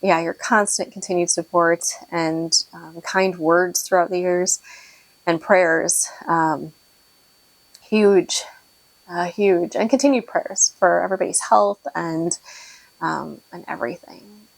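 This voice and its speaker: Woman, 30s, podcast host, rambling and emotional, fry in the voice. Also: on the low side, takes it slowly, dry recording, poor audio. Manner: rambling, filler-heavy, emotional and laughing. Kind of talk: casual vlog update.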